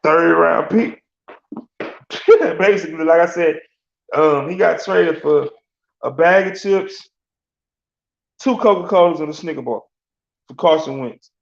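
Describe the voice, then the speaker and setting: A man's voice: a little high, a little slow, vocal fry, pauses often. A man, hosting a casual sports rant in a loose, slangy, rambling way with frequent laughs. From Alabama. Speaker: sports talk host. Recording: echoey room, dull lo-fi sound.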